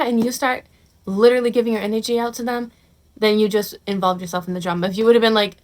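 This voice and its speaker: A woman's voice: fairly high pitch, fast. Sassy young woman giving blunt advice. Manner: blunt, sassy, calls the viewer honey and bro, swears; mocks others in quoted put-on voices. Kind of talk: casual advice talk to camera.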